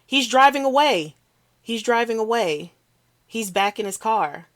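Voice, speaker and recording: A woman reading aloud, voicing a frantic male bystander who calls for help in panicked, shouted bursts. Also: medium pitch, measured pace, dry recording, voice pushed up, close to an everyday voice. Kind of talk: read-aloud novel.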